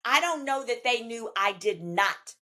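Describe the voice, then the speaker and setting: A woman with a Southern US accent, a podcast guest telling a personal story in an animated, emphatic way, acting out the dialogue she quotes and cursing freely. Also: a little high, unhurried. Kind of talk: animated storytelling in casual chat.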